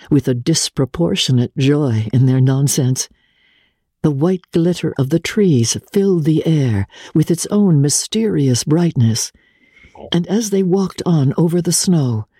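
A woman giving a measured, expressive dramatic reading of a classic novel on a close studio mic. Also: low-pitched, slightly rough, dry recording. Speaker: reader.

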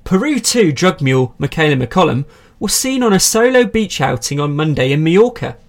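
A podcast host with a somewhat high, sing-song voice reads tabloid articles aloud at normal speed on his comedy show. His delivery is dry and mock-serious, sprinkled with wry asides.

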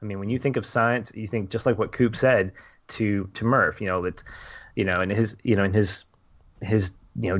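A man's voice: on the low side, moderate pace, muffled recording. A man chatting casually about a film, thinking aloud and acting out little quoted asides.

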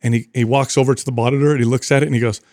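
A young adult man co-hosting a podcast talks at a racing pace in a mid-range voice, recorded dry with studio quality. An animated storyteller, he tells stories in casual chat with lots of laughter.

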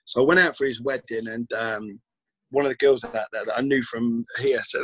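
A British guest from the UK with a medium-pitched, slightly bright, husky voice speaks at a moderate pace. In a casual chat he spins long, rambling anecdotes and often acts out the lines people said to him.

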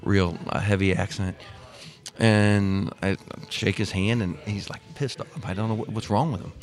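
Older man, low voice, from Missouri; chatty podcast guest spinning long anecdotes with restarts. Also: steady tone, moderate pace. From Missouri, USA. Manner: rambling, with many restarts and quoted dialogue. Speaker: guest, former pro soccer player. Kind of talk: casual storytelling interview.

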